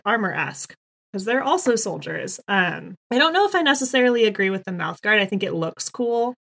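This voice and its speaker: A woman co-hosting a fan podcast, chatting excitedly with lots of "like" fillers. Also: medium pitch. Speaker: podcast co-host. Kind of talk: casual chat.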